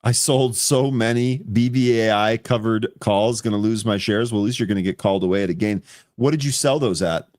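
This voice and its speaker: A man co-hosting a live trading stream, calling out tickers and chatting in a relaxed, upbeat way. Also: fairly low pitch, no room sound, clean studio sound. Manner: upbeat, quick calls of tickers, laughs easily. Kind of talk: casual market commentary.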